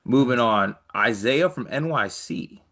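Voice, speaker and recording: A man's voice: mid-range voice, animated, a little slow, fairly bright tone. A man from Michigan hosting a sports podcast in joking, laid-back banter. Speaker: podcast host. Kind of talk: casual sports podcast chat.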